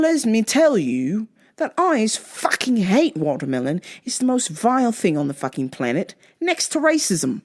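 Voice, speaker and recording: A woman hosting her own show, telling a story in a blunt, profane, casual rant. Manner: blunt and profane, big swings in pitch. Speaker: show host.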